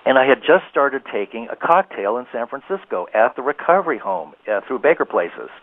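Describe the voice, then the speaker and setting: A man's voice: medium pitch, brisk, no echo. Guy guest on a call-in radio show, rambly storyteller, tinny dry phone sound. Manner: rambling, animated storyteller who laughs easily. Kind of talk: casual radio interview storytelling.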